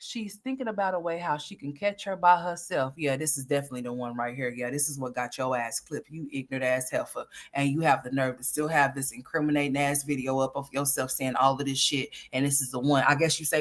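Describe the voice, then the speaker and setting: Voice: mid-range voice, steady tone, brisk, hardly any pauses, a bit bright. A commentary host reacting to clips with brash, profane, mocking talk.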